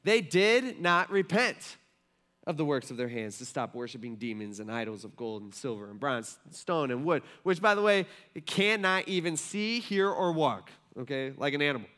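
A man's voice: medium pitch, lively intonation, brisk, fairly bright tone. A male pastor giving a casual sermon, talking conversationally with many fillers and asking the congregation questions. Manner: conversational, filler-heavy, asks the room questions.

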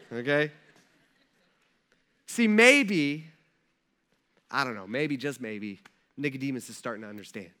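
A man's voice: medium pitch, sharp tone. A man preaching a sermon as pastor, casual and conversational, full of rhetorical questions and asides to the congregation.

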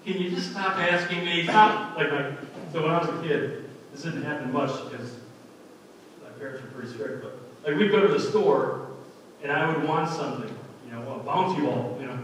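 A man's voice: mid-range voice, fairly quick, slight background noise. A male pastor delivering a sermon in an earnest, conversational way that wanders into side stories. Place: church sanctuary. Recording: echoey hall from far off.

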